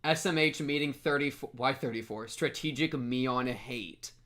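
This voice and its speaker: On his live stream, a young man talks casually to chat, giggling and making fun of himself as he reacts to viewers' messages. His voice sits at medium pitch, a touch bright, at a moderate pace.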